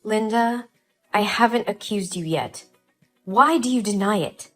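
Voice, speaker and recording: A woman narrating a dramatized first-person story as a pregnant wife, talking in a calm, earnest, measured way. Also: mid-range voice, soft background music.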